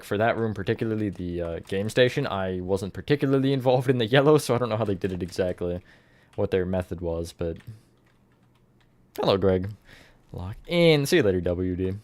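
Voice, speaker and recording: Low-voiced man rambling on a live stream. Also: darkish tone, dry recording. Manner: rambling, thinks aloud and greets chat viewers. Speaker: livestreamer building in a game. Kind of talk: casual live-stream chat.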